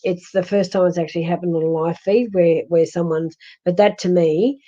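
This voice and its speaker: Woman, Australian accent, husky and hoarse, gentle consoling manner, rambling restarts, dark mellow tone, dull lo-fi live-stream audio. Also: fairly low pitch, steady tone, normal speed. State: hoarse, losing her voice. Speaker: psychic medium. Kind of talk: live-stream psychic reading.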